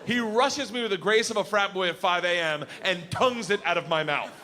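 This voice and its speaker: A male stand-up comedian telling a story loudly and animatedly, laughing and breaking into high shouts. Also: fairly quick, a little hiss or hum. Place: comedy stage.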